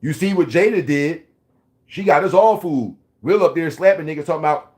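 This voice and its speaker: A man in his forties from Philadelphia, ranting loudly and profanely to camera in a rambling, heated, comedic way. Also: fairly high pitch, brisk, slight background noise. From Philadelphia, USA. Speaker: vlogger.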